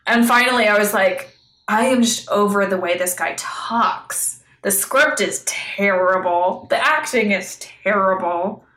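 A woman co-hosts a podcast in casual, blunt, sarcastic chat. Her voice is bright and forward. The room around her is echoey. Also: mid-range voice, a little slow. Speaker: podcast co-host.

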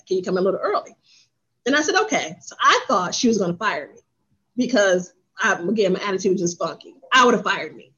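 A woman who owns a spa and coaches businesses, telling her story in an interview and lively when she acts out what others said. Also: mid-range voice, highs cut off. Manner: animated, acts out quoted voices.

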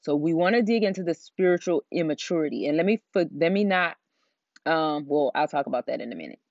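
A woman's voice: low-pitched, animated, fast, a little mellow, no room sound. A middle-aged woman with a Southern American drawl, hosting a Christian life coaching podcast in a chatty, rambling way with lots of fillers. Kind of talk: casual solo podcast talk. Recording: dull, dry lo-fi recording.

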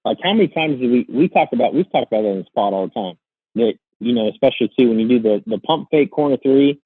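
Husky man rambling on a sports podcast. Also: medium pitch, lively intonation, quick pace, dry recording, narrow, tinny audio. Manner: rambling, lots of "like" and restarts. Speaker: podcast host. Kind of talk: casual sports podcast chat.

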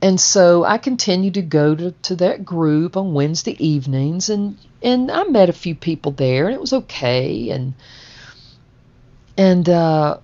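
A woman with a low voice tells a personal memoir story. She rambles and stays conversational, strung together with "and so" and "you know". The recording is a little dull and lo-fi. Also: expressive, measured pace, warm tone.

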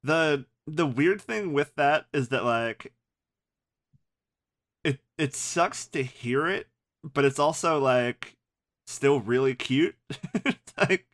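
Lively, laughing male podcast co-host. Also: fairly high pitch. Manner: halting restarts, laughs readily. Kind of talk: casual chat.

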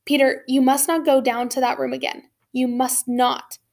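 A woman voicing a secretive young girl in an audiobook, speaking in a calm, guarded, firm way. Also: high voice, fairly quick. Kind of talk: audiobook character voice.

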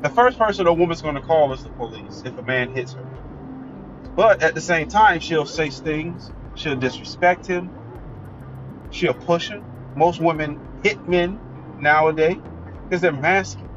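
A man's voice: a little high, moderate pace, a bit bright, a little hiss or hum. A man giving a blunt, emphatic, opinionated solo monologue as a commentator. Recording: dull lo-fi recording with faint music.

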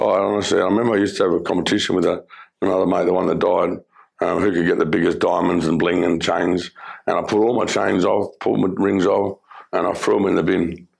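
Earnest, halting and filler-heavy, a middle-aged Australian man tells his life story as testimony about his criminal past. He speaks with a deep, gravelly voice in a flat, level tone.

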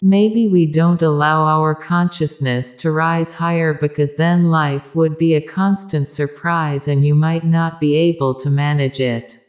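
A woman giving a measured spiritual discourse, speaking directly to her listeners. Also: sits low, steady tone, a little mellow.

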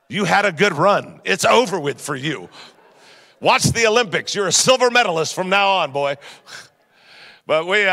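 A man's voice: sits high, creaky. A man, an upbeat pastor joking through a sermon in a church hall. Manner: upbeat, joking, lively storytelling.

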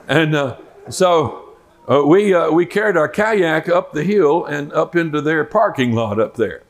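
A man's voice: on the high side, lively intonation, unhurried. An older man, a Bible teacher, telling a folksy personal story in a sermon and acting out the quoted lines.

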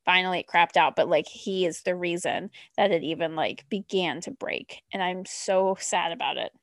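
A woman co-hosting a podcast, chatting bluntly with lots of swearing and quick reactions. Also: on the low side, dry recording, clean studio sound. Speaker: podcast co-host. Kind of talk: casual chat.

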